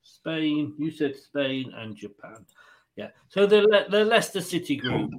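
A man's voice: fairly high pitch, big pitch swings, a little slow, poor audio. A man hosting a casual football prediction chat, joking, laughing often and reading out listener picks. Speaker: podcast host.

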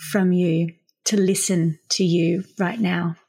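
A woman hosting a podcast interview, gentle and apologetic in her questions, with faint music behind her. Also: on the low side, flat delivery, slow, creaky, breathy edge. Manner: gentle and apologetic, thanks warmly. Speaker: podcast host.

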